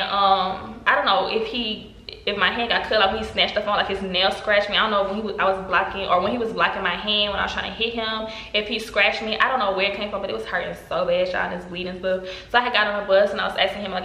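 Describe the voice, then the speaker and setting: A young woman rattles through a storytime vlog at a fast clip, her voice bright and forward. She acts out every quote with big leaps in pitch. The recording has a roomy echo and a faint hum of ambience behind it. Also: vocal fry. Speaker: vlogger.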